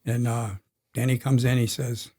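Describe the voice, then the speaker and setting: A man's voice: mid-range voice, monotone, moderate pace, a little mellow. Man in his sixties, racing crew chief, casual rambling storyteller, chuckles often. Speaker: NASCAR crew chief guest.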